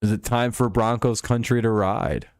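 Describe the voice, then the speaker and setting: A man's voice: on the low side, steady tone, moderate pace, dry recording, studio quality. A man hosting a casual football talk live stream, loose and joking, swearing freely as he signs off.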